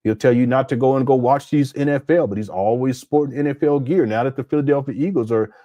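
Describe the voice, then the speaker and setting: Guy doing livestream commentary, sore throat, mid pitch, dry close sound. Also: quick pace, dark tone, no room sound. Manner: critical, laughing, reads chat aloud. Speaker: commentary host.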